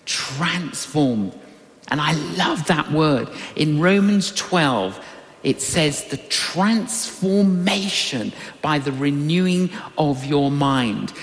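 Animated older preacher in an echoing hall. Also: medium pitch. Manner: animated, acts out quoted voices. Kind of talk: sermon with personal storytelling. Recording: long reverberant hall.

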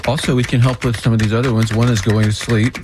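A man's voice: mid-range voice, flat delivery, fast talker, heavy background noise. A man hosting a radio show, chatting casually with a dry, self-mocking humor. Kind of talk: casual on-air banter.

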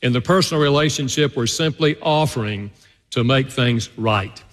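A male pastor preaching a conversational sermon, telling stories and jumping up high in pitch for emphasis. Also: moderate pace, fairly bright tone. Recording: long reverb of a large hall.

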